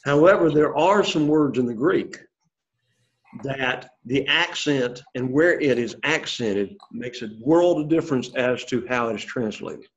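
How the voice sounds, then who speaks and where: A man's voice: medium pitch, a little slow. A man teaching a classroom lesson, explaining step by step, quizzing the class and encouraging them. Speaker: Greek teacher. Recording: dull lo-fi sound.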